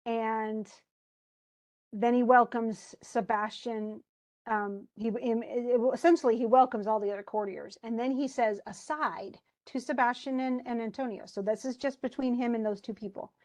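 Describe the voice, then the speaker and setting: A woman with a fairly high voice, speaking at a moderate pace on a low-quality recording, teaches a play in a relaxed lecture. She quotes the verse and then retells it chattily in simple terms, staying animated while using fillers and restarting sentences.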